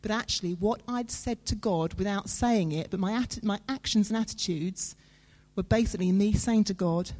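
Preaching at a medium pitch, a woman speaks with warmth and mellowness. Her sermon feels earnest and conversational, and she often lets dramatic pauses hang.

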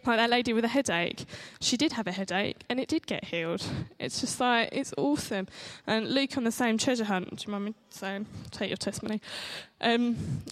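A woman giving an informal, excitable sermon and testimony, chatty and rambling, often restarting her sentences. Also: fairly high pitch, normal speed, hardly any pauses. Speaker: church speaker giving testimony.

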